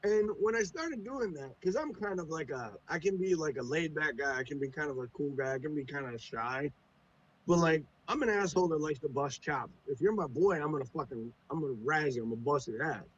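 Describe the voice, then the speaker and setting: A man's voice: fairly high pitch, expressive, a little fast, muffled recording, slight background noise. A man from the United States, a podcast guest, talking casually with a profane, teasing, joking manner. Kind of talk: casual chat.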